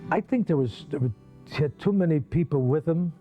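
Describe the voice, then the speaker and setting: A man's voice: a little high, lively intonation, a little fast, lo-fi sound, music in the background. A man reflecting thoughtfully in an interview, listing points one after another. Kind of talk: reflective commentary.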